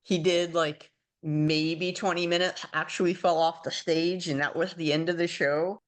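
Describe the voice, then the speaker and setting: Female podcast host, lower register, easy conversational interviewer. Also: fairly even intonation, moderate pace. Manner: conversational, lays out a premise before asking. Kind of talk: interview questions.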